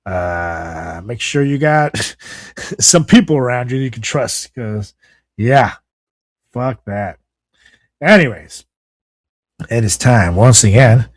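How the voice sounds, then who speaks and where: A man co-hosting a casual podcast, reading news items aloud and breaking off into profane, sarcastic rants. His voice sits in an ordinary middle pitch. The sound is dry and close to the mic. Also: animated, slow, pauses often, dry recording. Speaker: podcast co-host.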